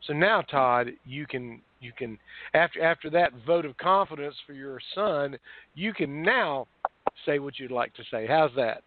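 Man, talk radio host, fairly high voice, dry tinny phone sound, stumbling restarts. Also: expressive, measured pace, dry recording. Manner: warm, repetitive, stumbling restarts. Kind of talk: casual talk radio hosting.

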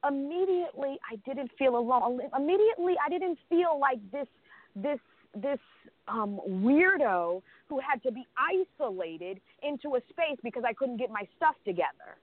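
A talkative woman with a fairly high voice tells a story in loose, casual conversation. She keeps restarting sentences and laughs now and then. The sound is dry and thin, like it comes over a phone line. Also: moderate pace, dry recording. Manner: rambling, with many restarts and fillers; animated, laughs often.

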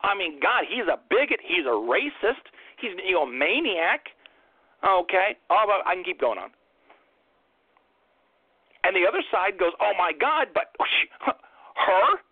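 A man's voice: high-pitched, sing-song, unhurried, long pauses, husky, no echo. A man hosting an impassioned political monologue, ranting fiercely and firing off rhetorical questions, over a tinny phone-like line. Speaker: host.

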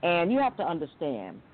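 Animated woman on a tinny call. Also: unhurried, a little hiss or hum. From Long Island, New York. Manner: animated, candid, jumps into high quoted voices. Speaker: guest on a talk show. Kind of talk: casual interview storytelling. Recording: tinny phone-like call audio.

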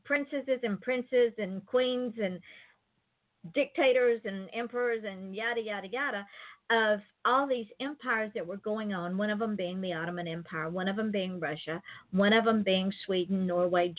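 A woman host chats through a thin, phone-like line, wandering through stories with plenty of digressions. Her voice sits at an ordinary middle pitch, and her talk stays loose and casual. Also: normal speed. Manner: rambling, digressive storyteller. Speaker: interview host. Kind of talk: casual interview chat.

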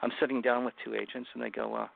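Guest author, male, gravelly voice, earnest halting delivery, tinny call audio. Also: mid-range voice, little pitch movement. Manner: earnest, halting retelling with many restarts. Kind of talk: personal storytelling in an interview. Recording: phone-like remote call line.

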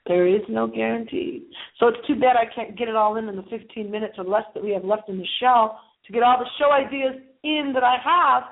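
A woman's voice: a little high, fairly even intonation, a little fast. A woman hosting a paranormal talk show in a playful, theatrical way. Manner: theatrical and playful, with big swoops in tone. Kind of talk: casual solo show monologue. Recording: tinny phone-like sound.

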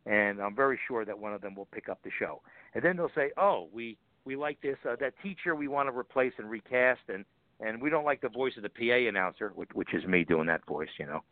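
A man's voice: medium pitch, animated, fairly quick, dry recording. A man, a voice actor guest, telling stories in a chatty interview and acting out quoted lines. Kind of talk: casual interview chat. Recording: tinny phone line.

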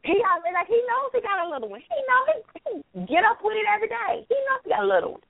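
A woman's voice: extremely high pitch, very animated, fast talker, dry recording. A woman hosting a casual talk show, speaking frankly and openly about intimate topics. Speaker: host. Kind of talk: casual chat. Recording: dry, tinny phone-like sound.

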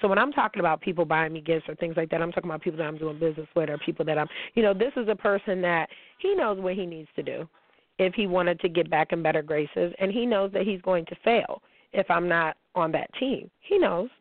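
A woman hosts a casual spiritual talk, blunt and emphatic and quick to swear, speaking straight to her listeners as y'all. Her voice comes through a narrow, tinny, phone-like line with a bone-dry sound. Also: on the low side, dry recording. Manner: addresses listeners directly as y'all. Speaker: host.

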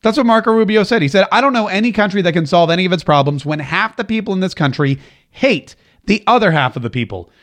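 A man's voice: sits high, animated, fast. A male talk radio host delivering a political monologue, sarcastic and emphatic, repeating phrases for effect.

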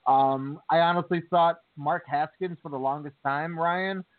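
A man co-hosting a wrestling talk show, telling stories in a chatty, animated way. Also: on the high side, a little slow. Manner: chatty, animated storytelling with fillers. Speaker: podcast co-host. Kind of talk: casual chat. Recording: tinny phone line.

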